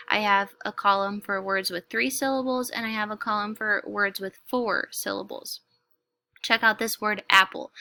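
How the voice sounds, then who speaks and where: A woman teacher giving a clear, step-by-step lesson to young students, sounding out words slowly. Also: mid-range voice, sharp tone. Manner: slow, clear, instructive, stretches words to clap syllables. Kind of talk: classroom lesson explanation. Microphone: recorded lesson video.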